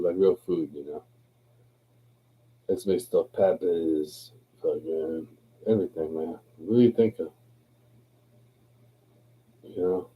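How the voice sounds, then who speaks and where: A deep-voiced man, a little drunk, rambles through his livestream chat with a relaxed, foul-mouthed ease. The audio sounds narrow and tinny.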